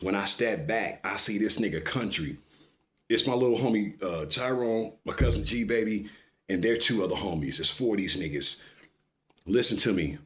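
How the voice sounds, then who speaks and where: This man has a lowish voice and a moderate pace as he tells a lively, informal story. He curses freely, drifts into asides, and often breaks off to make sure the listener is paying attention.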